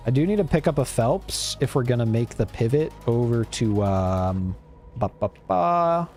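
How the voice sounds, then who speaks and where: With a warm, mid-range voice at normal speed, a man streaming a game chats casually with his audience, laid-back and now and then swearing. Soft music can be heard in the background.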